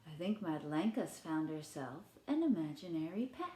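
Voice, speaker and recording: A woman teacher reading a picture book aloud to children, asking gentle questions and putting on playful voices for the characters. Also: deep voice, sing-song, moderate pace, reverberant. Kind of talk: children's read-aloud lesson.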